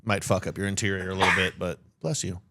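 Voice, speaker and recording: A man co-hosting a podcast, trading deadpan jokes and cursing in casual banter. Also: low voice, quick pace, very noisy. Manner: deadpan joking, swears, lively ups and downs. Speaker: podcast co-host.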